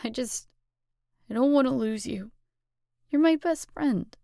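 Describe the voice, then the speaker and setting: A woman voicing a hurt teenage girl, speaking slowly in a wounded way. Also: high-pitched, vocal fry, dark tone, dry recording, studio quality, voice pushed up. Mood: tearful. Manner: slow, wounded delivery. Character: hurt teenage girl, best friend, tearful.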